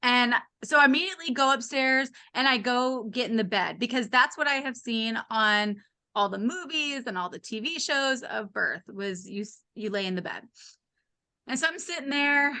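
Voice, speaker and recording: A high-voiced woman speaking at a moderate pace, likely in her late thirties or forties, appears as a podcast guest. In casual storytelling mode, she recounts something funny from her own life with candor and wry humor, animatedly performing the voices of others involved.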